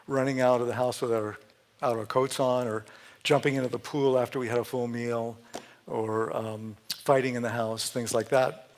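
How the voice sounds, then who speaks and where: Man giving a chatty, joking sermon. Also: mid-range voice. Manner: chatty, self-interrupting, laughs at own jokes. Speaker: speaker giving a Sunday talk. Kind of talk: conversational sermon with jokes. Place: church sanctuary.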